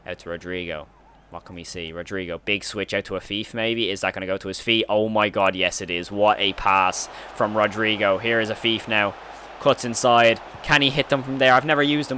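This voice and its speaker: A man giving excited play-by-play commentary on his own football video game match, breaking into shouts and squeals when goals go in. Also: lowish voice. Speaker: gaming YouTuber.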